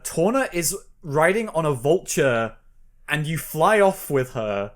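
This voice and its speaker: A man's voice: fairly high pitch, measured pace. A man co-hosting a podcast, chatting casually and animatedly about an old video game, laughing often. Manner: animated, laughs often, puts on a newscaster voice at times. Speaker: podcast co-host. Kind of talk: casual chat about games.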